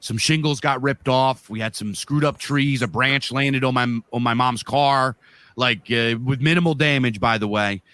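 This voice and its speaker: A man's voice: medium pitch, normal speed, sharp tone, smooth. A man from the northeastern US, a podcast co-host telling a vivid, rambling story with lots of fillers and swearing. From northeastern US, Pennsylvania. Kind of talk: casual storytelling.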